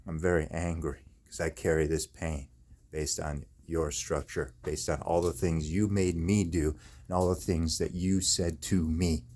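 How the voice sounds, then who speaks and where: A man's voice: a bass voice, fairly even intonation, measured pace, darkish tone, husky. A man in chronic pain delivering an angry, profane, repetitive rant in his own video. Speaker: video maker. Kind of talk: angry ranting monologue.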